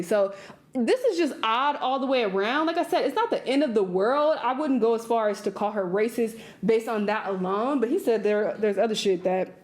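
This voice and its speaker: A young woman reacting to a clip in a loose, unscripted way, blunt and profane. She laughs easily and slips into mocking voices, her pitch sitting in an ordinary middle range. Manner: blunt, swearing, laughs often, mimics others. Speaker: reaction video host. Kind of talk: casual reaction commentary.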